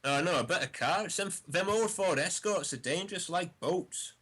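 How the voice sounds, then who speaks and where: Bright-voiced northern English man. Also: sits high, moderate pace, breathy edge. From northern England. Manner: animated, swings into loud exaggerated quoted voices. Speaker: caller. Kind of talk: casual storytelling on a call-in comedy podcast.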